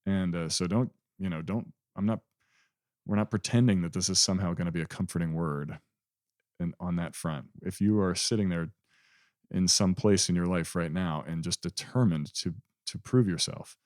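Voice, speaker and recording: A man's voice: low voice, moderate pace, a little mellow, dry recording, clean studio sound. A man co-hosting a conversational Bible discussion, earnest and emphatic, repeating key phrases. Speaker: podcast co-host.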